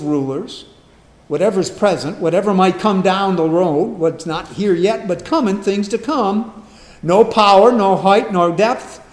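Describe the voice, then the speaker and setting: A man preaching a sermon, swinging from hushed asides to loud, emphatic questions. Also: a little high, echoey room. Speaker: pastor.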